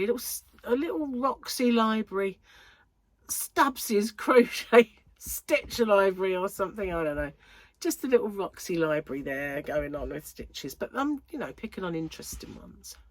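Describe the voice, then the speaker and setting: At home under lights, a crochet channel host chats casually to camera in a mid-range voice, captured in a dry recording. She rambles through giggly anecdotes, sounding a bit congested and out of breath.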